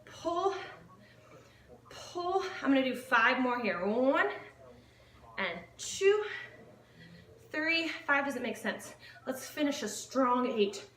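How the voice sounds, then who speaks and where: A woman's voice: high-pitched, very animated, slow, long pauses, a bit bright, reverberant, far from the mic, a little hiss or hum. A woman fitness instructor leading a home workout, upbeat and counting reps aloud, a little out of breath as she exercises along. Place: home living room.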